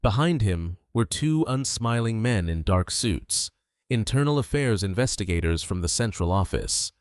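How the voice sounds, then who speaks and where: Low-voiced male story narrator. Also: animated, moderate pace, no echo, studio quality. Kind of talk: scripted dramatic story narration.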